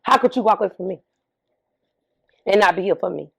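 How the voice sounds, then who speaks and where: A woman's voice: mid-range voice, a little fast, gravelly, slightly rough. A middle-aged woman talking candidly as an interview guest, emphatic, often repeating herself and asking rhetorical questions. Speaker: interview guest, bereaved mother.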